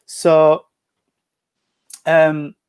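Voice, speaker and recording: Man, gentle chatty medium, raised pitch, calling people sweetheart, home video call. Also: monotone, drawn-out words, clear, resonant tone, no echo. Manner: chatty, gentle, full of endearments. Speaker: spiritualist medium. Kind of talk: mediumship reading in an online service. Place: at home at a breakfast table.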